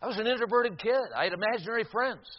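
A man in his sixties preaching a sermon, telling a personal story with dramatic swings from loud to hushed and some stammering restarts. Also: high voice, fast, dull audio.

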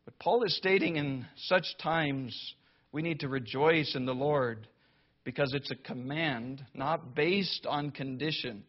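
A man delivers a church sermon with a somewhat high voice, pressing his points with mounting emphasis and a dry, sarcastic edge. The recording is muffled and lo-fi. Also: a little slow. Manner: emphatic, rising to loud declamation when quoting scripture; wry, sarcastic asides. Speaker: preacher. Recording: dull lo-fi sound.

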